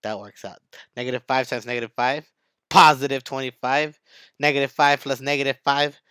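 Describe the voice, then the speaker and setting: A man's voice: mid-range voice, fairly even intonation, a little fast, sharp tone, clear, resonant tone, no room sound. A man teaching math in a video lesson, hyped and playful, talking straight to his students.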